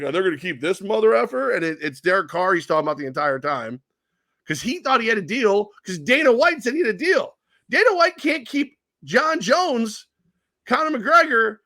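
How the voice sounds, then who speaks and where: A man's voice: sits high, no echo, clean studio sound. A man co-hosting a casual sports podcast, telling rambling stories full of acted-out quotes and cursing. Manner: animated storyteller acting out quoted people, swears freely. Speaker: podcast co-host.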